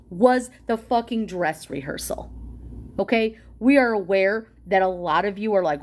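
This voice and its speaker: Her voice is medium-pitched with lively intonation and a moderate pace as this woman, a political commentator, reads a policy document aloud. She rants directly to camera, angry, profane and confrontational.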